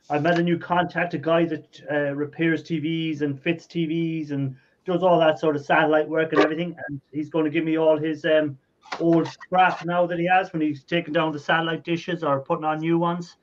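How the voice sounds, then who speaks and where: A man's voice: a little high, level tone, moderate pace, dull audio. A man hosting a casual live stream over a video call, chatty, with lots of fillers and laughter. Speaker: host.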